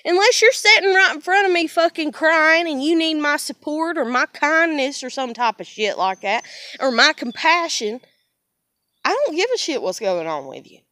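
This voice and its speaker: High-voiced, blunt, swearing woman vlogger. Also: animated, moderate pace, bright, forceful tone, no echo, clean studio sound. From United States. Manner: blunt, heavy swearing, fiery. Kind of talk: emotional personal rant to camera.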